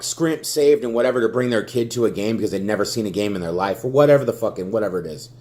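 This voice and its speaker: A man's voice: medium pitch, darkish tone. Man, young adult, furious, heavy swearing, stumbling repetitions, fan rant. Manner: stammers and repeats words when worked up. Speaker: sports fan vlogger.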